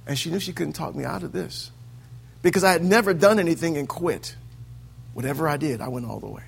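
A man preaching a sermon in a church, swinging from hushed lines to loud, sing-song peaks. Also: on the high side, brisk, gravelly, slight background noise.

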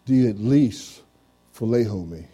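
Soft music plays behind a muffled recording of a pastor's interactive church sermon, where he goes back and forth with a volunteer from the congregation. His lowish, husky voice is animated with a dark tone. He says "amen" and "praise the Lord" often and reads scripture in a slow, drawn-out King James style.

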